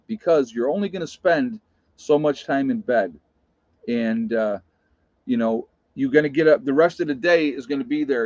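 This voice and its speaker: A man's voice: mid-range voice, darkish tone, no room sound. A plain-spoken man chats on his live stream, telling stories and saying things just as he sees them. His voice sits in a middle register. The recording is dry and close, with a muffled, lo-fi quality. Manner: blunt, plain-spoken storyteller. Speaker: live-stream host reading chat. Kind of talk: casual live-stream chat. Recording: dull lo-fi sound.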